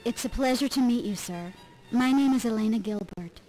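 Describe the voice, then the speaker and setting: A woman's voice: fairly high pitch, brisk, dark tone, soft background music, natural voice, rough recording. An actress playing a polite, curious teenage girl in a 1990s game video.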